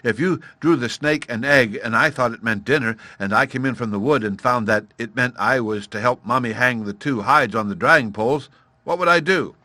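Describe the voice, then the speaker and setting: A man voicing an excitable little cave girl in a storybook reading, eager and bubbly. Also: mid-range voice, moderate pace, no room sound. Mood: fretful.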